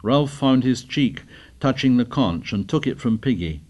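A man narrating a story in a measured, dramatic reading. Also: mid-range voice, animated, a little mellow, highs cut off. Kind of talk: scripted narration.

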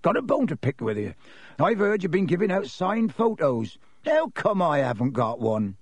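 A man voicing a huge, gruff but kindly gamekeeper who growls his words. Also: fairly high pitch, very animated, moderate pace, no echo, voice pushed up. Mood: teasing. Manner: growling, hearty.

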